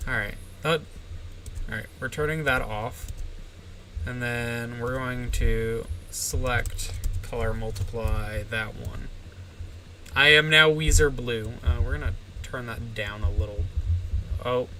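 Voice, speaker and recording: A man in his forties with a bright, forceful voice, chatting casually on a livestream and muttering as he fiddles with settings. The mic sits a little far off, with a faint hum behind him. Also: mid-range voice, slow, long pauses. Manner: muttering to himself while fixing stream settings. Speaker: livestream host.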